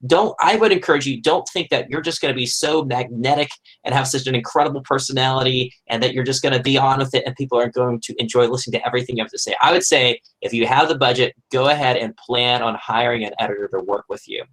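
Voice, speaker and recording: A man's voice: mid-range voice, steady tone, fast, a bit bright, rough recording. Conversational man on a podcast panel. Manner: conversational, frequent fillers and restarts. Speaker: podcast host, guest panelist. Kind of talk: casual panel discussion.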